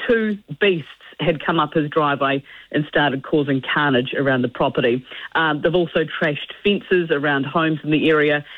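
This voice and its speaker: A woman's voice: low-pitched, no room sound. A woman reporting rural news to radio hosts, chatty with laughing asides. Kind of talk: phoned-in news chat. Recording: tinny phone line.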